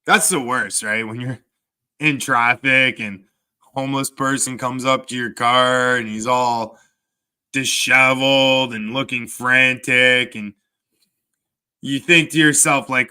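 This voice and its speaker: Slow, sarcastic man streaming. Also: mid-range voice, steady tone, sharp tone, clean tone. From Canada. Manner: sarcastic, crude, slow drawl. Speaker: livestreamer. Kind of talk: profane livestream banter reading chat.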